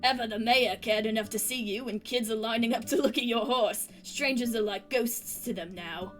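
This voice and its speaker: Woman voicing a humble male vendor, soft-spoken, folksy, gentle, game read-aloud. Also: a little high, moderate pace, faint music behind, natural voice.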